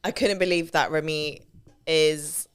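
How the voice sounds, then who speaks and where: Casting note: young British woman, low and smooth voice, gushing podcast co-host. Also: fairly even intonation, measured pace. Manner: enthusiastic, gushing praise. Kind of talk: casual podcast chat.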